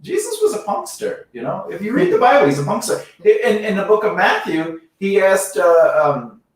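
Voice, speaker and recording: A man's voice: high voice, big pitch swings, moderate pace. A man co-hosting a podcast, joking around casually, laughing often and acting out quoted voices. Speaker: podcast co-host. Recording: echoey room, distant mic.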